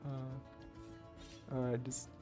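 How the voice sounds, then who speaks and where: Ukrainian-accented male gamer, mid-pitched, loose rambling commentary, faint game music. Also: completely flat delivery, very slow. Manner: rambling, chuckling, swears often. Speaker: gamer streamer. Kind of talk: casual gameplay commentary.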